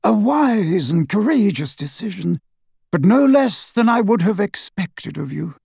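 A man voicing a kindly elderly male wizard headmaster in a high, airy, gentle voice, slow and approving, in an audiobook. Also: big pitch swings, vocal fry, slightly rough, no echo, studio quality, exaggerated voice. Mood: gently proud. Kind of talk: audiobook character voice.

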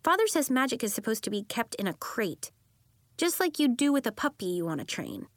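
A woman doing a high, eager young girl. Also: brisk, dry recording, clean studio sound. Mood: earnest. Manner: bright, insistent, excitable. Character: eager young girl who shifts into animals.

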